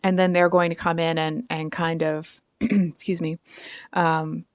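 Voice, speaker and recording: Smooth low-voiced chatty woman tarot reader. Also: level tone, unhurried, dry recording, studio quality. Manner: chatty, rambling, with frequent asides and apologies. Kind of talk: casual tarot reading.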